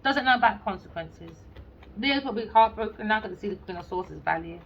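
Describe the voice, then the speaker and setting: Her intonation lively and her pace a little fast, this medium-pitched woman gives an offhand tarot reading full of sarcasm and swearing. She's blunt, and she acts out bits of made-up conversation. Faint background noise sits under slightly muffled lo-fi sound.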